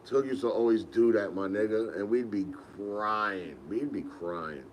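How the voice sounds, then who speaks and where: Lively young man telling stories. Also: on the low side, measured pace, a little hiss or hum. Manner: animated, laughing, slangy storyteller. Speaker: podcast host. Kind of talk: casual storytelling.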